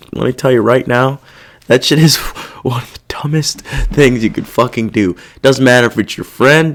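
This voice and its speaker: Man ranting with lively, swooping pitch. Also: creaky. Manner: profane, irritated ranting; rambling, loses his train of thought. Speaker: podcast host. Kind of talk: casual monologue.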